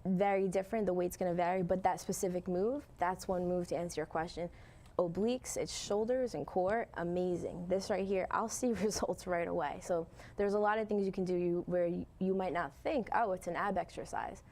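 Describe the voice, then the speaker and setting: A woman's voice: fairly low pitch, a little fast, a little mellow. A woman, a fitness trainer co-hosting a talk show, explaining exercises in an upbeat, casual way.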